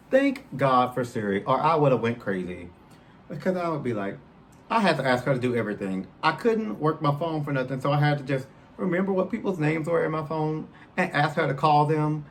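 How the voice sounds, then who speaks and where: A man in his thirties spins a personal story, his voice bouncing up and down as he acts out every exchange. He talks right to the listeners, loose and chatty, over a faint background hiss. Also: fairly high pitch. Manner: animated, addresses listeners directly, acts out quotes. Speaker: podcast host.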